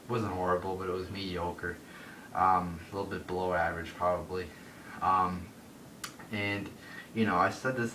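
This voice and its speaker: Into a phone, a man rants through a solo wrestling review, profane and rambling with plenty of fillers. His voice has a fairly bright tone, and he's far from the mic, giving a roomy echo with a faint rumble.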